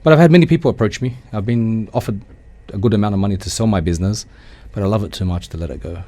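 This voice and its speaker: A man's voice: fairly low pitch, warm tone. A man with an Australian accent chatting casually as a radio interview guest, telling rambling stories and acting out the people in them. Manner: fast, rambling storyteller who acts out quoted people. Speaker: guest, car rental business owner. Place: radio studio.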